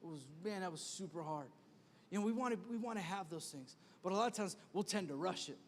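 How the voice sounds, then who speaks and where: High-voiced energetic male pastor. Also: fast talker. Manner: energetic, comic storytelling with repeated exhortations. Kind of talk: sermon. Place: church auditorium. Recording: echoey church hall.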